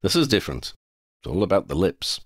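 Man doing a sardonic talking cat, grumbling and dry, slightly raised pitch, dry close sound. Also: big pitch swings, a little fast, breathy edge, no room sound, exaggerated voice.

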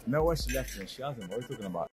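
A man's voice: mid-range voice, animated, very fast, over music. A young man, bantering and teasing strangers on a busy in casual vlog style.

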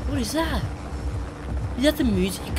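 A gamer giving excitable let's play commentary, yelling and cheering often while flying. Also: sits high, normal speed, noisy background.

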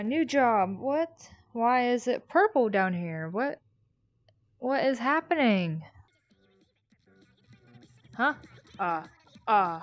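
A young woman playing horror games on her channel, gasping and reacting out loud as she goes. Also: a little high, moderate pace, pauses often, faint music behind. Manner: excitable, yelps and gasps. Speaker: gaming YouTuber.

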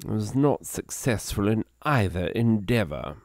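A man voicing a pompous old-timey English gentleman in a plummy put-on voice, slow and theatrical. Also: lowish voice, expressive, dry recording, studio quality, pitched above the performer's own voice. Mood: mock grandiose.

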